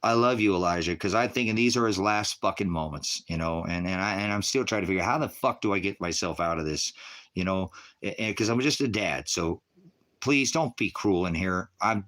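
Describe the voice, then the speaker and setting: A man's voice: low-pitched, a bit bright. A middle-aged man, a veteran, commenting on his own livestream footage in a rambling, profane and intense way. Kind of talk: emotional video commentary.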